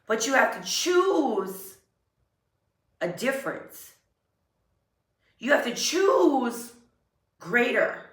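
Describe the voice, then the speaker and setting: A woman giving an earnest, emotional motivational talk, repeating affirmations slowly. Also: fairly high pitch, sing-song. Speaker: self-help vlogger. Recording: roomy echo, a bit far from mic.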